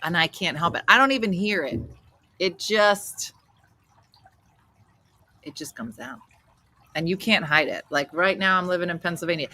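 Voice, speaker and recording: Animated New Jersey woman host. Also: on the low side, moderate pace, long pauses. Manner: loud, animated storyteller. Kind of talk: casual livestream chat.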